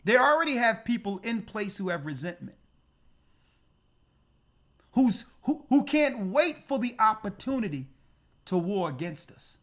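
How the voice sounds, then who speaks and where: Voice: medium pitch, very animated, measured pace, long pauses, a bit bright. A church elder preaching on prophecy, emphatic and full of rhetorical questions. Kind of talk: prophecy teaching sermon.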